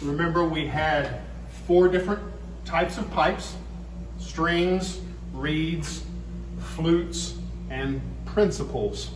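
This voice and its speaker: Middle-aged male organist, patient teacher, slightly high voice, echoey chapel. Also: drawn-out words, noisy background. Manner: patient, step-by-step explaining. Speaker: church organist. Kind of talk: explanatory demonstration. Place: small church chapel by the organ.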